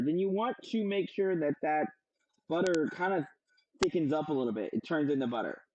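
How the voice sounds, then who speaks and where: A man's voice: fairly high pitch, mellow, highs cut off. A young man casually talking through a cooking demo, playful and joking, swearing freely. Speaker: cooking show host.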